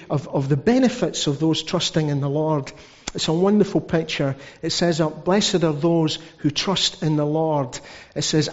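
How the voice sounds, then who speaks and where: A man preaching a sermon as pastor, telling stories with asides. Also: on the high side. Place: church hall. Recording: dull sound with long hall reverb.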